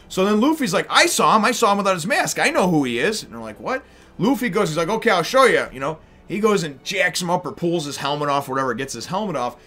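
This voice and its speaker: A man giving a casual, rambling spoken review of a manga chapter, with many fillers and restarts. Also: fairly high pitch. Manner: animated when acting out characters.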